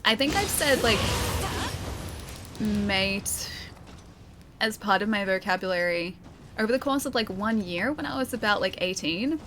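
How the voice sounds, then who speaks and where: A young woman with a light Australian accent streams a game, chatting, laughing and reading out chat in a giggly, self-mocking way. Her medium-pitched voice is animated and sharp, with a measured pace and long pauses, and soft music plays in the background.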